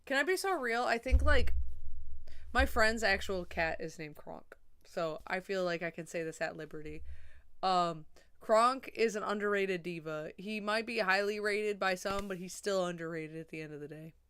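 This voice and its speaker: A young woman chatting casually on a livestream, rambling and swearing, a little drunk and high. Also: normal speed, a bit bright, smooth.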